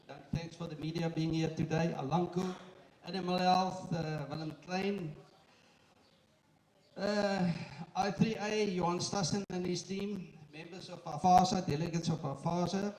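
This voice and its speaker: A man who chairs a company, giving a live welcome speech to an audience, joking and using halting fillers. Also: high-pitched, a little mellow. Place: indoor event room with an audience. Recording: echoey room, far from the mic, faint noise.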